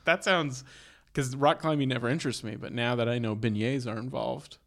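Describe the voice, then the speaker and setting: A man's voice: medium pitch, steady tone, brisk, creaky. A young man co-hosting a casual chat, easygoing and asking curious questions. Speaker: podcast co-host.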